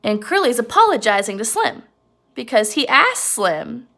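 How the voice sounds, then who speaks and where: A woman's voice: fairly high pitch, big pitch swings, normal speed, pushed and bright. A woman teacher casually retelling a novel chapter, explaining and checking in with her listeners. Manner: chatty, explanatory, frequent check-ins like "right?". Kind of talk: casual recorded lesson summarizing a novel chapter.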